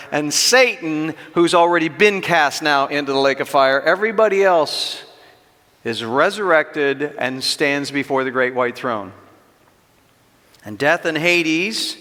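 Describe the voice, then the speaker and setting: A middle-aged man preaching an expository sermon in a fairly high, bright and forceful voice. He drives his points home with rhetorical questions and slows down on the key words. His voice rings out with a long reverb, as in a church hall. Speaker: pastor teaching an equipping class.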